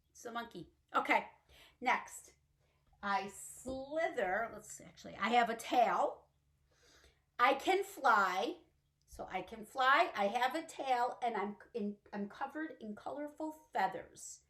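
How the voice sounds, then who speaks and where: A woman librarian leading a children's storytime, talking slowly and cheerfully in a sing-song way to young kids. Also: a little high, expressive, fairly bright tone.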